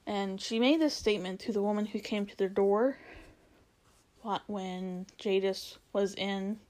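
A woman teacher walks through examples from a novel in a relaxed, conversational way. Her voice sits in a middle pitch, and she often restarts her sentences and fills pauses with small words as she thinks. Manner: conversational, many fillers and restarts. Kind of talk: literature lesson explaining a novel.

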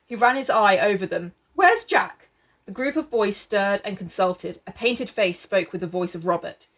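A woman casually chatting and reading a novel aloud, laughing and swearing as she goes. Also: mid-range voice. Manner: laughing, sweary, breaks into quick character voices. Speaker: book club co-host reading aloud. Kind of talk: casual chat with read-aloud passages.

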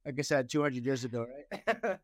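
A man's voice: medium pitch, expressive, moderate pace, dry recording, clean studio sound. A man with a Canadian accent hosting a podcast, easygoing and laughing often. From Ontario, Canada. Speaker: podcast host. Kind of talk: casual podcast conversation.

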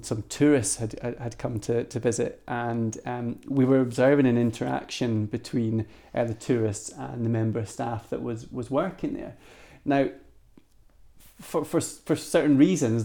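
A Scottish man, the guest on a podcast, spinning a long story with plenty of restarts. His voice has a gravelly, fried edge over a dark, mellow tone. He talks in a rambling, animated way. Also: medium pitch. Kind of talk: anecdotal storytelling.

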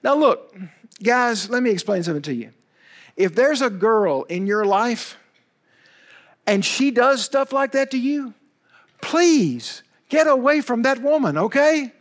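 A male pastor preaching a sermon in an animated storytelling way, with emphatic asides to his listeners. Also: very high voice, measured pace.

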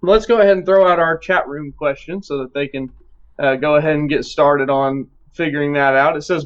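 A man leading a live Bible study discussion, reading scripture aloud and talking in a relaxed way with fillers. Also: a little high, normal speed, lo-fi sound.

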